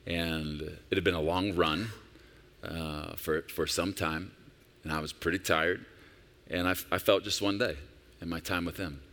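Low-voiced pastor in his forties. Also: fairly even intonation, a little slow, sharp tone. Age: 40s. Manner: conversational, personal storytelling with emphatic rises. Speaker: senior pastor. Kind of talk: sermon.

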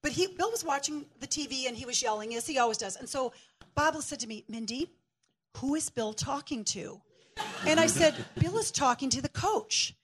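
High-voiced woman preaching with stories. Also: normal speed, a little hiss or hum. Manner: lively, laughing storyteller. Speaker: guest preacher. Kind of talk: shared sermon with storytelling. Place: church.

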